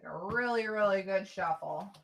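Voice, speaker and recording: A woman's voice: mid-range voice, normal speed, vocal fry. A woman vlogger giving tarot card readings in a chatty, casual way, talking straight to her viewers.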